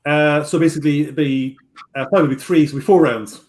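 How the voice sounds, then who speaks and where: A man acting as game master in a casual tabletop game over a video call, giving quick rulings with frequent fillers. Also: on the high side, fairly even intonation, a little mellow.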